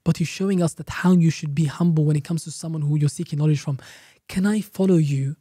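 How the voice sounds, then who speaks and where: A man's voice: on the high side, flat delivery, fast, warm tone, breathy edge, dry recording, studio quality. A man, an Islamic teacher guest on a podcast, explaining a religious story emphatically with rhetorical questions and repeated phrases.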